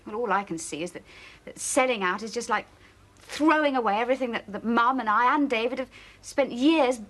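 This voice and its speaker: A woman's voice: a little high, brisk, fairly bright tone, lightly acted. An actress playing a worried woman defending her family business, anxious and pleading in a television soap. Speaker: motel co-owner. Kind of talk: 1980s television soap acting.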